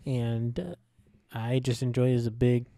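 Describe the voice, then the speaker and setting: A man's voice: mid-range voice, flat delivery, moderate pace, creaky, mellow, no echo. A man co-hosting a movie review podcast, joking around in a goofy, self-deprecating way. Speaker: podcast co-host. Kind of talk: casual movie review chat.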